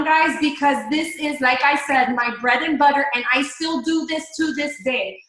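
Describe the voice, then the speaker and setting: A woman's voice: sits high, bright, forceful tone, heavy reverb, low-quality recording. A woman in a chatty, upbeat coaching talk on a live video call, speaking straight to her team. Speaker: network marketing coach.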